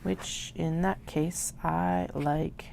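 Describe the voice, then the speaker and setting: A woman hosting a craft livestream, chatting casually and muttering soft half-whispered asides to herself while she cuts fabric. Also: lowish voice, steady tone, very slow, vocal fry, slight background noise.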